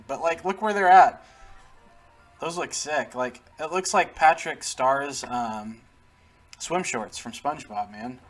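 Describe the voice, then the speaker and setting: A gaming channel host with a slightly high, somewhat bright voice chats through a casual let's-play. He laughs often and talks back to the game's characters.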